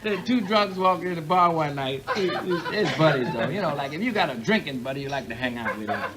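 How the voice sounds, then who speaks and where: A man's voice: fairly high pitch, expressive, a little fast, over a noisy crowd. A male stand-up comedian telling loose, rambling jokes to a live audience on a comedy album. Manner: loose, rambling storytelling with chuckles.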